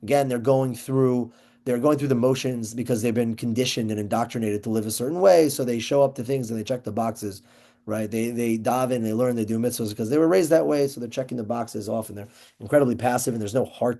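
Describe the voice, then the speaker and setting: A man's voice: medium pitch, dark tone. A man giving a casual Torah class, talking loosely with restarts and Hebrew terms mixed in. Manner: conversational, many restarts and fillers, Yeshivish Hebrew terms. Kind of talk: casual lecture on a Jewish ethics text.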